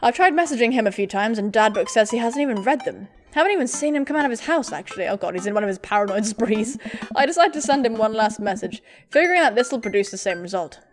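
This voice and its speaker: A young woman gaming YouTuber playing a dating game at home, reading the text aloud with giggly, playful commentary and sudden loud squeals. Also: fairly high pitch, animated, fast, over music. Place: home room with a pet cat. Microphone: desk mic with face cam.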